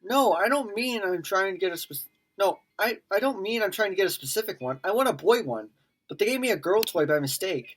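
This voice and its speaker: With a medium-pitched, expressive voice, a female gaming YouTuber works through a visual novel, performing the lines in many voices and pausing to comment. Her reactions come fast and she laughs a lot. A little hiss or hum sits under the recording of this let's play.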